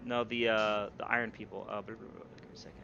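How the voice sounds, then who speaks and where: A man narrating as game master, halting and searching for words as he voices a dwarf king. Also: lowish voice, little pitch movement, vocal fry, sharp tone. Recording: slightly dull stream audio with faint hum.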